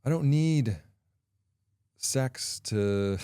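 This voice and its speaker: A middle-aged man hosting a podcast, talking through a personal confession in a candid, halting way with frequent pauses. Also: medium pitch, animated, mellow, smooth, no room sound, studio quality. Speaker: podcast host.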